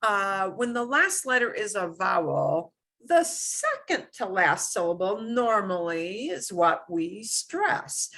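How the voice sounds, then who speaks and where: A woman teaching a beginners' Spanish class, explaining with emphatic, animated bursts. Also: slow. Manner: animated, emphatic explaining with sudden high exclamations. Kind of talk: live classroom lesson.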